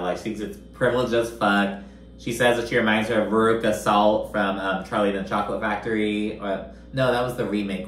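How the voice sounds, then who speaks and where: A man's voice: fairly low pitch, fairly bright tone, echoey room, slight background noise. A man giving a casual, gossipy recap of a reality show, swearing freely and using lots of fillers. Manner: chatty, profane, gossipy with frequent fillers.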